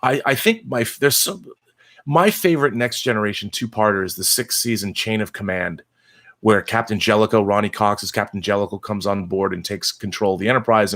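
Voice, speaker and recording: A man's voice: lowish voice, a bit bright. A middle-aged man hosting a casual live chat, answering viewers with emphatic, opinionated asides and frequent restarts.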